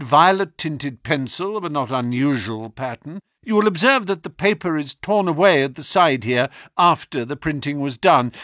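A man voicing Sherlock Holmes, a keen and sharp-minded detective who speaks in a measured, probing and lecturing way, in an audiobook reading. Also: fairly high pitch, no room sound, clean studio sound, pitched above the performer's own voice.

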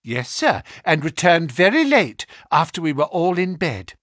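A man's voice: a little high, big pitch swings, unhurried, fairly bright tone, no room sound, studio quality, pitched above the performer's own voice, heavily acted. A man voicing a respectful, worried middle-aged landlady who answers in a deferential, plain-spoken way, in an audiobook reading.

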